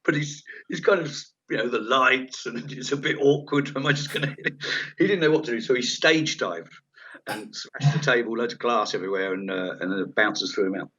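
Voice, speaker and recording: A comedian telling stage anecdotes in a chat interview, rambling and lively, acting out the voices of people in the story. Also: male voice, mid-range voice, fairly quick, husky. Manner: rambling, animated, acts out quoted voices. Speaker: comedian guest. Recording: dull lo-fi audio.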